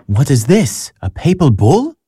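A devout young gentleman in a radio drama. He speaks earnestly and respectfully, with a mellow, dark tone and a pitch that rises and falls freely. The sound is close and dry. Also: sing-song, unhurried, breathy edge, dry recording, heavily acted. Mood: curious. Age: young adult. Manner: earnest and polite, hesitant when moved. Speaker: young man seeking priesthood.

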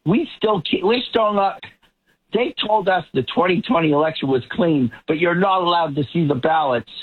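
Emphatic husky man on a tinny line. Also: on the high side, normal speed. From Boston area. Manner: emphatic, repeats words when building a point. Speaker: political commentator guest. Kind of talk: talk show panel discussion.

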